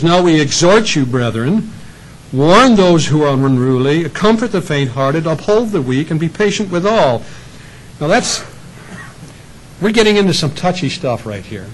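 A man's voice: a little high, husky, low-quality recording. A man preaching a sermon in a conversational way, sometimes acting out little voices for the people in his stories. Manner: conversational preaching with acted asides. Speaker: pastor.

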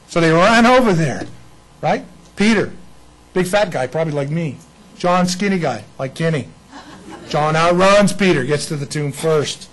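A man preaching an Easter sermon in a lively way, acting out the people in the story. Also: a little high, normal speed, low-quality recording. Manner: animated, acts out bible figures. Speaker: pastor.

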